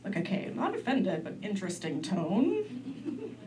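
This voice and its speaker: A woman's voice: medium pitch, huge pitch swings, a little slow, dark tone, distant mic, a little hiss or hum, rough recording. A woman performing a stand-up comedy set in a comedy club, acting out relatives in big voices.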